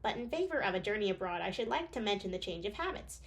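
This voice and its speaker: A woman's voice: medium pitch, big pitch swings, fast. Woman reading as a timid deferential male doctor, plain voice, storybook reading. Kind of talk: audiobook character reading.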